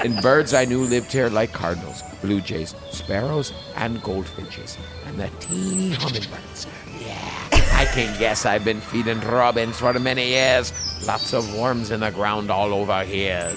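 A man's voice: medium pitch, a little slow, loud music behind the voice. Playful man reading listener stories. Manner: playful, teasing, animated when reading. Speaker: podcast co-host.

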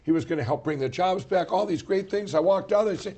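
A middle-aged man from Minnesota, co-hosting a casual talk show, telling stories in an animated way with lots of "you know". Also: sits high, fast. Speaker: co-host.

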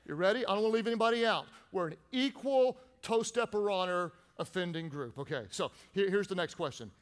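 A pastor preaching a sermon, playful and animated, drawing the congregation into call-and-response. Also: male voice, sits high, brisk, in a large hall.

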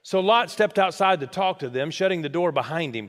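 A man preaching a sermon, animated and questioning his congregation, in a large church hall. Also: on the high side, normal speed, hardly any pauses. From United States. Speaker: pastor. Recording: long hall reverb.

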